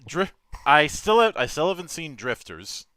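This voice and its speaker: Guy going off on little asides, bright crisp voice, dry close sound. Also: on the high side, sing-song, moderate pace, no room sound. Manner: digressive, with asides and restarts. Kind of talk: casual podcast chat.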